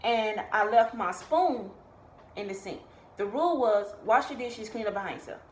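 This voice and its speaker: A woman's voice: a little high, moderate pace. A young woman, casually telling a personal story in a vlog and acting out what others said. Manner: animated, acts out quoted voices. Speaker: vlogger. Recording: echoey room, faint background noise.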